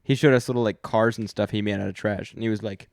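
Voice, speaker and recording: A man's voice: lowish voice, steady tone, fast, gravelly, darkish tone, dry recording, clean studio sound. A young man co-hosting a podcast, rambling and joking in casual chat, often trailing off and restarting. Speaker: podcast co-host.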